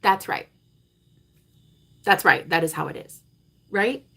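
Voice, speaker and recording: A woman in her thirties, a spiritual coach, talking to her vlog viewers in a dramatic, swearing monologue that swings between loud declarations and hushed asides. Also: mid-range voice, lively intonation, slow pace, gravelly, slightly rough. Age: 30s.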